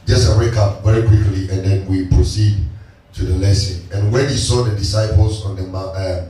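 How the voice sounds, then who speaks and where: A man's voice: on the low side, fairly even intonation, moderate pace, mellow. A man preaching a sermon, leading a Bible reading by repeating each line the reader gives. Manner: teaching call-and-response, repeating reader's lines. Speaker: pastor. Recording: echoey church hall, distant mic, music behind.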